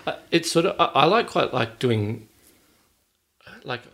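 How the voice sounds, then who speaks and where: Laid-back man with a gravelly voice. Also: mid-range voice, animated, a little slow, fairly bright tone, a little hiss or hum. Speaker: podcast co-host. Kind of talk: casual podcast chat.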